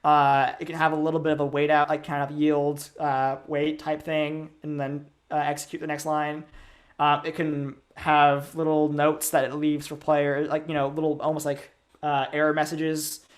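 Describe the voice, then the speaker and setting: A man's voice: on the high side, monotone, normal speed. A young man giving a casual game-development workshop, rambling with lots of fillers and little chuckles. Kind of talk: casual technical talk.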